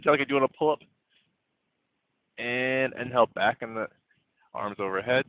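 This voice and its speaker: A man leading an online yoga class, gently cueing breaths and poses in a playful way. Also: mid-range voice, normal speed, no room sound. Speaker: yoga instructor. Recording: tinny phone-like audio, dry.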